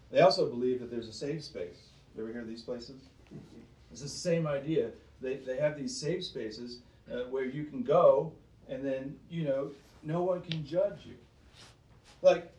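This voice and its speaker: A man with a mid-range, darkish voice preaches emphatically to a small group, asking rhetorical questions and often repeating himself. The recording is roomy and picked up from a distance.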